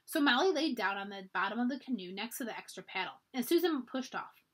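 A woman's voice: a little high, expressive, a little fast. A woman reading a children's storybook aloud for a library, narrating expressively.

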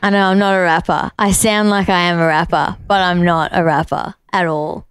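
A woman's voice: fairly low pitch, clean tone, no room sound. A woman with an Australian accent, chatting playfully as an interview guest in a studio. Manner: playful, animated, quick to joke. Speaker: singer and drummer, interview guest. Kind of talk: casual interview chat.

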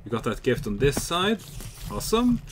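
A young man giving casual, chatty commentary while playing a game, excitable and swearing freely. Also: on the high side, normal speed, noisy background. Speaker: gamer.

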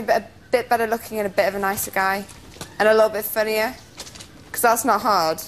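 A woman's voice: mid-range voice, steady tone, fairly quick, a little hiss or hum. A woman, a reality show housemate, chatting casually with a playful, teasing manner. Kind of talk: casual chat.

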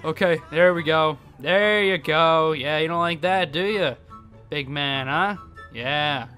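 A young man commentating his own game play, excitable and quick to laugh, yelping when surprised. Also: a little high, faint music behind. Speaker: gaming YouTuber.

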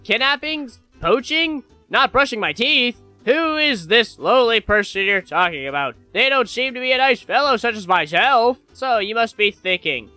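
A man's voice: very high-pitched, lively intonation, normal speed, hardly any pauses, bright, forceful tone, no room sound, faint music behind, pitched above the performer's own voice, exaggerated voice. A man doing an over-eager oddball neighbor. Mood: over-friendly. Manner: sing-song, over-eager cheerfulness. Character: overly friendly odd male neighbor.

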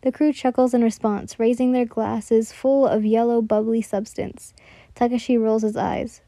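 Mellow-voiced woman reading a story aloud. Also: on the high side, steady tone, moderate pace, no echo. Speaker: narrator. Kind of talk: storybook reading of fan fiction.

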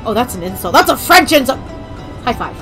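A woman streaming a video game, chatting excitedly, joking and swearing as she plays. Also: fairly high pitch, a little fast, faint music behind. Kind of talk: casual let's-play commentary.

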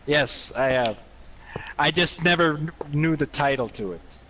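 Halting, rambling man with a Minnesotan accent and a fairly high voice. He is chatting over a hissy call line. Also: animated, pushed and bright. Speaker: guest on a voice call. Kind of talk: casual chat. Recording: noisy voice-chat line.

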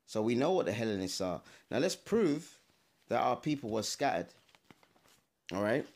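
A man with a gravelly, creaky voice leads a casual Bible study to camera. He talks in an emphatic, direct way and checks his sources as he goes. His pitch sits in a middle range. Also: very animated, moderate pace, darkish tone. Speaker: Bible teacher. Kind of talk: informal video Bible teaching. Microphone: camera mic, adjusting camera while talking.

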